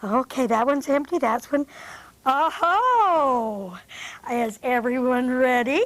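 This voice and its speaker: A woman hosting a children's show speaks in a high, bright register to a studio full of young kids. She takes things slowly and patiently, in a gentle, sing-song teacherly way. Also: lively intonation, no room sound.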